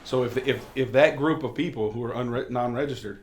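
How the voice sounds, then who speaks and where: A man's voice: mid-range voice, brisk, reverberant, slight background noise. A man serving as a state representative, from Kentucky, talking candidly in a casual sit-down conversation and telling stories. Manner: candid, storytelling, occasional cursing.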